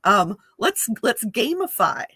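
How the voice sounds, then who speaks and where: A woman's voice: fairly high pitch, sing-song, slow pace, sharp tone, breathy edge, no room sound. A woman astrologer giving a casual spoken forecast, chatty and full of fillers, often laughing and acting out playful quoted voices.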